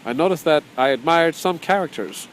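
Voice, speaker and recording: A man's voice: fairly high pitch, animated, moderate pace, slight background noise, rough recording. A man teaching an informal spoken course, talking conversationally, repeating phrases and chuckling often, sometimes reading from his own book. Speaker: spiritual teacher.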